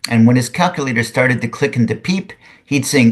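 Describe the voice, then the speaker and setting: An older man, a retired physics teacher, reads a student's poem aloud with a lively sing-song lilt and adds drier spoken asides. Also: mid-range voice, brisk.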